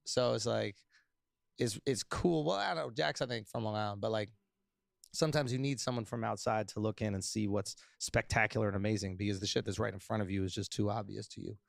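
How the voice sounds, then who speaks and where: A man's voice: lowish voice, fairly quick, gravelly, no echo, studio quality. A man chatting casually on a podcast, easygoing and a little hesitant. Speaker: podcast guest.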